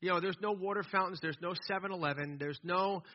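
A man preaching a sermon in an animated, conversational way, often restarting his sentences. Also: high voice, fast talker, slight background noise. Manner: animated, conversational preaching with repeated false starts. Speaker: pastor. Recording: dull lo-fi recording.

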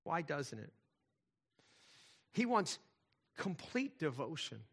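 Speaking slowly in a creaky, somewhat high voice, this pastor delivers a very animated, conversational sermon. Quiet asides give way to loud, emphatic points.

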